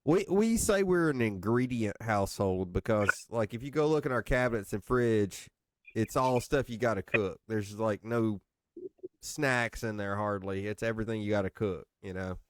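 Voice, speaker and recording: A man's voice: lowish voice, normal speed, dry recording. A man in his forties from Northeast Mississippi with a North Alabama accent, hosting a casual chat and rambling through stories with easy laughs. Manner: rambling storyteller, laughs easily. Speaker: podcast host.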